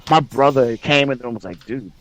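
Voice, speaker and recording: A man hosting a casual gaming podcast, telling a story excitedly and bursting into loud reenactments. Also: fairly low pitch, moderate pace. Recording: dry, slightly dull sound.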